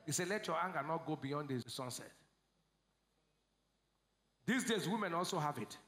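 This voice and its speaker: A man with a Nigerian accent preaching a sermon as pastor, calling out questions to the congregation and swinging between shouts and low asides. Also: animated, moderate pace. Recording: echoey church hall.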